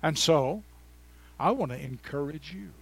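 A man, preaching a sermon in a church and telling personal stories in a folksy, chatty way, swinging from loud exclamations to quiet asides. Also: on the high side, animated, unhurried, vocal fry, breathy edge. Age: 70s. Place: church before a congregation.

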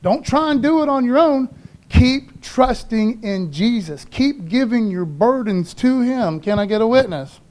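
A man's voice: very high-pitched, expressive, measured pace, darkish tone. A man preaching a casual, slangy sermon and acting out voices of the people in his story. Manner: laid-back slangy preaching, acts out voices.

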